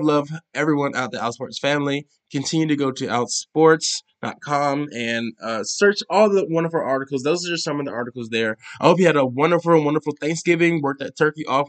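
A man's voice: a little high, a bit bright. A young man hosting a podcast, giving casual news commentary in a chatty, emphatic way, full of fillers, restarts and sassy asides. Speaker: podcast host.

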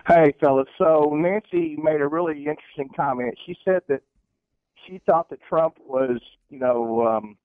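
A man's voice: fairly high pitch, moderate pace, no echo. A man calling in to a radio show, sounding indignant. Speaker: caller. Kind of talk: phone-in call. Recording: phone line.

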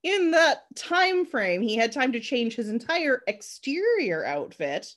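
A woman co-hosting a casual film review chat, sarcastic and animated, acting out scenes in mocking voices. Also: a little high, unhurried. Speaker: podcast co-host reviewing a film.

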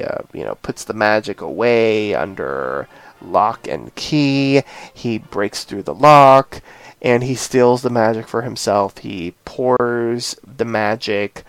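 A man's voice: medium pitch, clear, resonant tone, no echo. A man hosting a casual chat, retelling a TV episode in a rambling way with lots of filler phrases and emphatic opinions. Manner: rambling retelling full of "you know" and "this, that, or the other". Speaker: podcast host.

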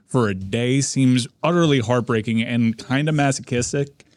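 Man co-host, rambling and halting, mid pitch, dry mic. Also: no echo. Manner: rambling, halting storytelling with restarts. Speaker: radio show co-host. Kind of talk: casual talk-show chat. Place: radio studio.

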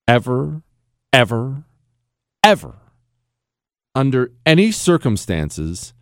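A man's voice: on the high side, smooth, no room sound, clean studio sound. A man hosting a talk radio show, ranting in an opinionated monologue with sarcastic, mocking asides.

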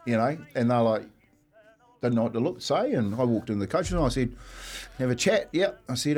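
A man with a New Zealand accent, co-hosting a breakfast radio show, telling animated stories and acting out what people said. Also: mid-range voice, brisk, breathy edge. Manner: animated storyteller acting out quotes, laughs often. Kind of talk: casual storytelling chat.

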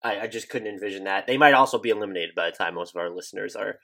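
A man's voice: lowish voice, steady tone, very fast, vocal fry, pushed and bright. A man hosting a casual sports podcast, thinking aloud in a conversational way and restarting his sentences. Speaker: podcast host.

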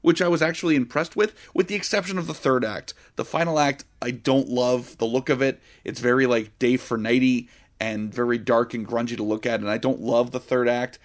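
A man co-hosting a casual movie podcast, retelling scenes in an excitable, profane way. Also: mid-range voice, fairly quick. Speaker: podcast co-host. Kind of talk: casual movie review chat.

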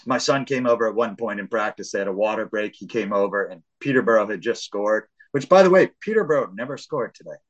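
A man hosting a casual sports podcast, telling an animated story full of swearing. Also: on the low side, fast talker, few pauses, muffled recording. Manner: animated storytelling, acts out shouts and voices of family; swears freely. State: hard of hearing. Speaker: podcast host.

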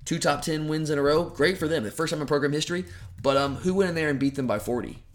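A man's voice: on the high side, fast talker. A man co-hosting a sports podcast, talking casually in a rambling, opinionated way about college football. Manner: rambling, opinionated, self-deprecating. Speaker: podcast co-host.

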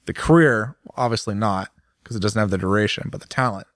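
Animated man chatting about motorcycles. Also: a little fast, dry recording, clean studio sound. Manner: animated, pitch jumps for emphasis. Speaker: podcast co-host. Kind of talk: casual chat about motorcycles.

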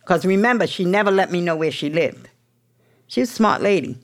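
A woman's voice: on the low side, expressive, fairly quick. A middle-aged woman guest telling her recovery story in a blunt, profane, streetwise way, often laughing. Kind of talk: candid storytelling interview.

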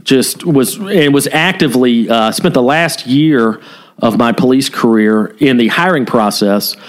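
A man's voice: mid-range voice, unhurried. A man on a podcast, a former police officer, candidly telling a story in casual chat with frequent swearing. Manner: candid, heavily profane storytelling.

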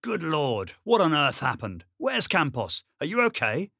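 A man's voice: lowish voice, brisk, fairly bright tone, no echo, clean studio sound, natural voice. A man reading an audiobook, voicing an agitated middle-aged male station commander who talks in a raised, urgent and exasperated way. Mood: alarmed.

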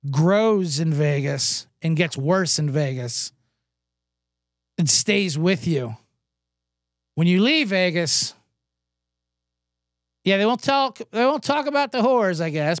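A man's voice: high-pitched, no room sound, studio quality. A man hosting a podcast, telling a rambling, self-deprecating comedic story while he recovers from a cough. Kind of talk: comedic casual monologue. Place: indoors, Los Angeles.

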